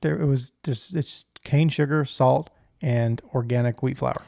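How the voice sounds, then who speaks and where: A man's voice: mid-range voice, fairly even intonation, measured pace, vocal fry, warm tone. A man co-hosting a podcast, giving emphatic opinions with stammering restarts. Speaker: podcast co-host. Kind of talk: casual chat.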